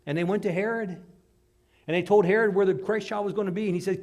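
A man's voice: fairly high pitch, animated, fairly quick, darkish tone, husky. A man preaching a sermon in an emphatic, dramatic way, acting out the voices he quotes.

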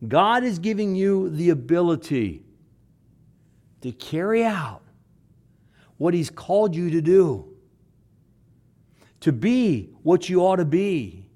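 A man preaching a sermon, repeating phrases for emphasis and swinging between loud stresses and hushed words. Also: high-pitched, big pitch swings, takes it slowly, long pauses. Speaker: pastor.

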